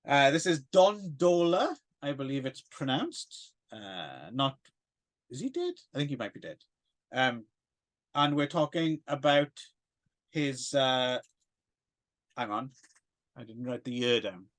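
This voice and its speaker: A man's voice: mid-range voice, very animated, takes it slowly, pauses often. A man co-hosting a casual film podcast, rambling and hesitant with plenty of fillers and self-deprecating asides. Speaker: podcast co-host.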